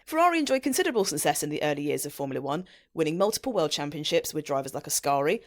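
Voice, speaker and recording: A woman co-hosting a casual podcast, chatty and quick to laugh as she explains things. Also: low-pitched. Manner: chatty, lively, laughs often. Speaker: podcast co-host.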